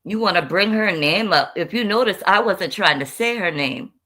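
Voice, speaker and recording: A woman's voice: medium pitch, expressive, normal speed, sharp tone, a little hiss or hum. A woman from South Carolina with a Gullah Geechee accent, a panel guest on an online call who hesitates and then cusses back sharply. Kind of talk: heated livestream panel talk.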